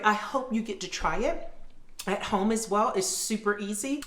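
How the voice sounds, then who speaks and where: A woman's voice: on the low side, echoey room. A woman hosting her own cooking vlog from her kitchen, chatting casually to viewers as she cooks. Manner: chatty, addresses viewers as "you guys". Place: home kitchen.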